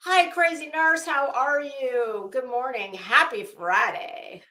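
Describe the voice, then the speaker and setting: A woman hosts a live stream in a sharp, bright voice pitched a little high. She reads the chat and trades catty, sarcastic gossip, swearing freely. The sound carries a roomy echo. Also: takes it slowly. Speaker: livestream host.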